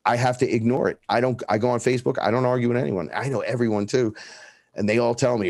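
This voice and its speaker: A man's voice: medium pitch, fast, no room sound, clean studio sound. A man telling stories in a casual, profane chat, acting out the dialogue. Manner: profane, animated, acts out dialogue in his stories. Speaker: guest.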